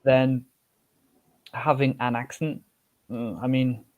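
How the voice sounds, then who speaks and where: A man's voice: mid-range voice, steady tone, slow pace, darkish tone, no room sound, muffled recording. A man with an English accent chatting loosely as a podcast guest, often tossing in "you know". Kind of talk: casual podcast chat.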